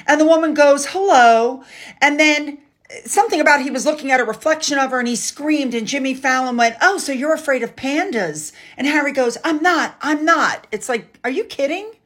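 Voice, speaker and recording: A woman's voice: a little high, a bit bright. A woman hosting a podcast, giving sarcastic, opinionated commentary. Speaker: podcast host.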